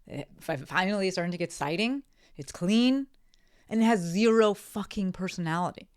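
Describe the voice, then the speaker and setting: A woman's voice: mid-range voice, animated, moderate pace, darkish tone. A woman hosting her own podcast, talking alone in a casual, blunt way, swearing freely and often tossing in "right?" to check in with listeners. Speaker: podcast host. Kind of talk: solo podcast monologue. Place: home office by a window.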